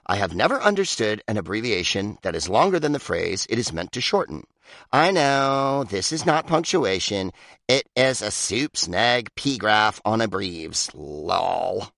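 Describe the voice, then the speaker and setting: A man's voice: on the low side, very animated, measured pace, gravelly, a bit bright, no room sound, studio quality. A man reading his own comic book aloud, sardonic and mock-pompous, with big swoops for emphasis. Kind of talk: comic audiobook narration.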